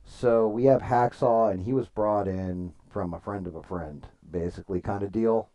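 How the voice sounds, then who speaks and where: A man with a lowish, mellow voice at normal speed chats casually on a livestream, telling rambling stories, swearing freely, and reading viewers' comments aloud to answer them. The audio sounds dull.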